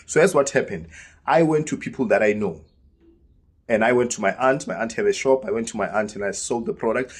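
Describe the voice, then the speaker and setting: Husky South African male storyteller, casual and lively, voices the other people in his tale. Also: on the low side. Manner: lively storyteller who acts out quoted dialogue. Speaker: vlogger.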